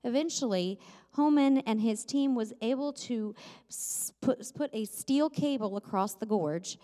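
A woman's voice: fairly high pitch, warm tone. Woman preaching in a reverberant church. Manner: conversational and self-deprecating, with light humor. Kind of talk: sermon. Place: church sanctuary. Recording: long reverb of a church hall.

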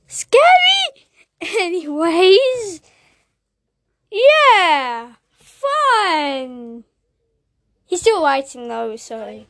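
A woman's voice: very high voice, expressive, very slow, dry recording. A woman hosting a casual chat, offhand and giggly, often trailing off. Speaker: host.

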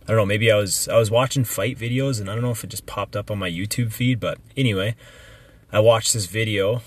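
Emphatic young man, lower voice. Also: fairly quick, breathy edge. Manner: emphatic, swears freely, many fillers. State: recovering from illness. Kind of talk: casual chat.

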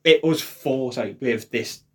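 A man co-hosting a podcast, telling a long sweary story in a deadpan way before revealing the joke. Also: medium pitch, a little slow. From England. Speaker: podcast co-host. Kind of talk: casual chat, storytelling.

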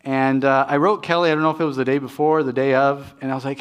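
A man's voice: mid-range voice, little pitch movement, quick pace, few pauses, clean tone. A middle-aged man preaching as pastor, talking in a conversational, self-deprecating way with frequent restarts. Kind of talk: sermon with personal stories.

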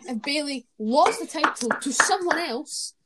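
A woman's voice: high voice, lively intonation, a little slow, heavy background noise. A woman co-hosting a casual podcast chat, opinionated and rambling, often correcting herself mid-sentence. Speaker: podcast co-host. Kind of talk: casual wrestling review chat.

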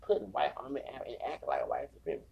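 A man's voice: mid-range voice, wildly swooping pitch, racing. A man ranting in casual commentary, heated and profane, repeating himself, in dull lo-fi audio. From Texas. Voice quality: gravelly. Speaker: commentator on a YouTube livestream.

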